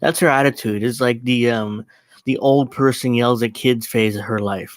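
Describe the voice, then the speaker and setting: A man's voice: medium pitch, fairly even intonation, moderate pace, dry recording. A young man hosting his show, casually commenting on clips in a mocking, profane way and laughing often. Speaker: host.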